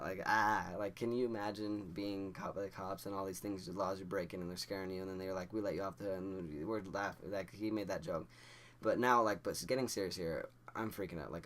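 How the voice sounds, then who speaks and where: Low-voiced young man telling a rambling story. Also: slight background noise. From Idaho, USA. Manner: rambling, stammering restarts, acts out quoted dialogue. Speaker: vlogger. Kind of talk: casual storytelling to camera.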